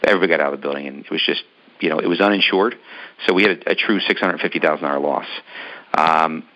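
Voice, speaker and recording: A man's voice: very deep voice, fast, bright, forceful tone, muffled recording. A man casually telling a long personal story in an interview, rambling with many ums and restarts. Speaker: business owner telling his story.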